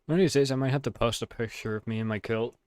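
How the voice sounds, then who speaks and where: A man with an everyday mid-pitched voice throws out brash, heavily profane banter while gaming with friends. The sound is dry and close. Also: quick pace, darkish tone, clean tone, dry recording. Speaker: gamer on a livestream. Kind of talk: casual gaming chat.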